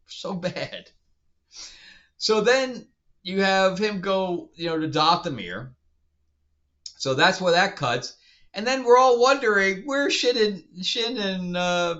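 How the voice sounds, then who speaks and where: A man's voice: high voice, sharp tone. A man reviewing a TV show in a casual rant, sounding incredulous and exasperated and often laughing. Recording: dull lo-fi sound.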